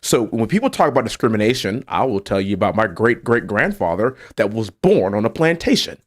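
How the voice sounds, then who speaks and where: Animated, emphatic man. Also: lowish voice, fairly quick. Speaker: congressman guest. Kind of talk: political talk show discussion.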